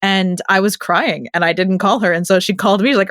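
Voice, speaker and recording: A woman's voice: mid-range voice, quick pace, fairly bright tone, no echo, clean studio sound. A woman in her late twenties co-hosting a TV recap podcast in casual chat, chatty and emotional, laughing often. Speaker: podcast co-host.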